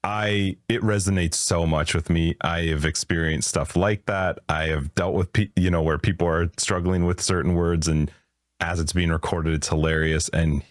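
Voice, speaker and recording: A man's voice: deep voice, fairly even intonation, moderate pace, no room sound, studio quality. A man co-hosting a gaming podcast in casual chat, enthusiastic and joking. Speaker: podcast co-host.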